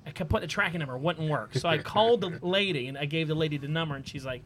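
A man with a slightly high voice tells a long story on a casual podcast. He talks loosely and chats with his co-hosts. He laughs as he goes. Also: racing, few pauses, a bit bright. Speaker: podcast host. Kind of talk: casual chat.

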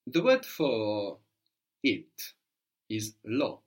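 Brief: male language tutor, patient, coaxing, mid-pitched, guiding a learner step by step. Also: expressive, moderate pace. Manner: patient, prompting, often asks "no?". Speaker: language teacher. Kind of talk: spoken language lesson.

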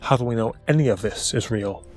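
A man's voice: medium pitch, a little fast, over music, voice pushed down, natural voice. A male narrator voicing a sneering, fish-like older biomancer with a nasal voice. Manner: snide and contemptuous.

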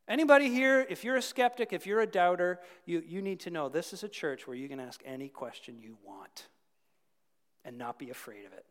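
A man preaching a sermon to his congregation in a conversational, animated way, with frequent asides to the listeners. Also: high-pitched, brisk, in a large hall. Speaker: pastor. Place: church.

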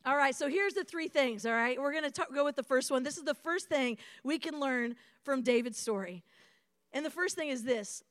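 A young woman preaches to a room of young adults. Her voice sits high and bright, and the sound is dry and close. She talks in a loose, chatty way and calls out for the crowd to answer back. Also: normal speed, no echo. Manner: conversational and animated, with call-and-response to the room.

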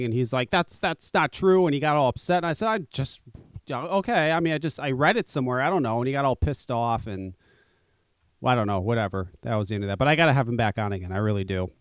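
A man's voice: medium pitch, expressive, very fast, few pauses, smooth, no echo. A man hosting a talk radio show, chatting casually in a rambling, profane way and laughing often.

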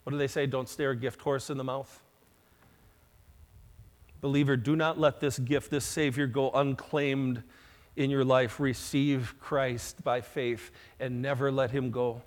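A male pastor preaching a sermon, slow and emphatic, with dramatic rises in loudness. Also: mid-range voice, little pitch movement. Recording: long hall reverb.

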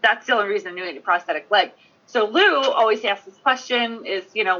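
A woman on a convention panel chatting quickly and casually, telling an anecdote. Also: mid-range voice, sharp tone. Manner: chatty, quick, with frequent laughs. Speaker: convention guest. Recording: dull lo-fi sound.

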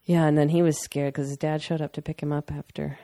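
A woman's voice: sits low, flat delivery, brisk, dark tone, no echo, studio quality. A young woman talking casually and candidly with her partner, rambling a bit and laughing often. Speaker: partner sharing a personal story. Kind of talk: casual conversation.

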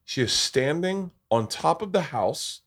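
Animated storytelling man. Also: a little high, unhurried. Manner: animated storyteller, swears, acts out quotes. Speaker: podcast host. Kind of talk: casual storytelling chat.

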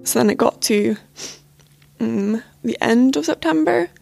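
A woman's voice: fairly high pitch, lively intonation, a little slow, vocal fry, over music. A young woman telling a personal story as a podcast guest, casual and full of filler words.

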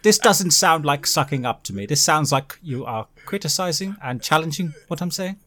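A man's voice: on the high side, expressive, moderate pace, bright, forceful tone, dry recording. A man in a casual comedy read-through, teasing his friends in a dry, mock-bossy way.

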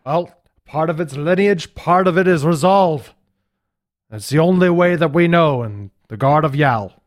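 A man's voice: fairly high pitch, expressive. A man doing a big-voiced city guard. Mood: measured. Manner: big, measured, sizing people up.

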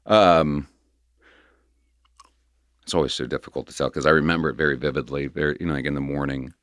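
A man's voice: very deep voice, fairly even intonation, fairly bright tone, no echo, studio quality. A middle-aged man earnestly telling his personal recovery story in a candid, rambling conversational way. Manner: earnest, emotional, rambling with restarts and quick laughs.

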